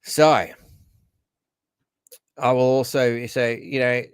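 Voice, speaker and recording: Aussie guy doing a sarcastic news rant, smooth lowish voice, really dry close mic. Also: normal speed, fairly bright tone, dry recording. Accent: Australian. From Australia. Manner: sarcastic, ranting, many asides and fillers. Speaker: host. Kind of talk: solo news commentary podcast.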